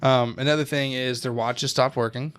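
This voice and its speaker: A man's voice: medium pitch, fairly even intonation, moderate pace, fairly bright tone, clean tone. A young man co-hosting a podcast, telling a story in loose casual chat, swearing often, laughing and losing his thread.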